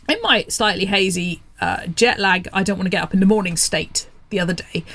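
A woman's voice: mid-range voice, fairly bright tone. A woman from England presenting a radio show, talking in a rambling, chatty way with sarcastic asides. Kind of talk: casual radio monologue.

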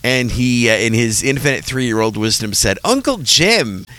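A man's voice: mid-range voice, fairly even intonation, normal speed, a bit bright, clear, resonant tone. A man hosting a casual chat who tells funny stories and laughs often. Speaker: podcast co-host.

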